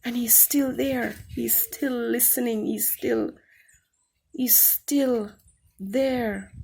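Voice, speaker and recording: Lady sharing her testimony real slow and earnest, husky kinda voice. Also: on the high side, fairly even intonation, dark tone. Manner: earnest, reflective, repeats phrases for emphasis. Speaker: testimony speaker. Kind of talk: spoken Christian testimony.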